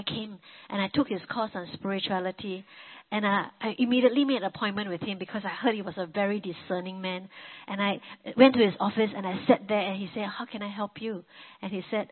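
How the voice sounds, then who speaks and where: Middle-aged female preacher, earnest testimony, mid pitch, tinny narrowband recording. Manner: earnest, storytelling, frequent fillers and restarts. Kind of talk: personal testimony sermon. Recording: tinny phone-like sound.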